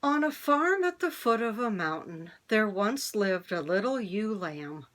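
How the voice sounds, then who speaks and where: A woman reading a children's picture book aloud in an expressive, storytelling way. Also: mid-range voice. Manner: expressive, slow read-aloud.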